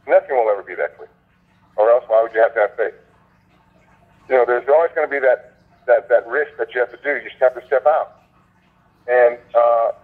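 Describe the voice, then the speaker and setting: A man hosting a conference call, speaking in a fervent, preacher-like way and repeating his points for emphasis. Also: medium pitch. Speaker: host of a sales conference call. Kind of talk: motivational preaching. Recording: phone line.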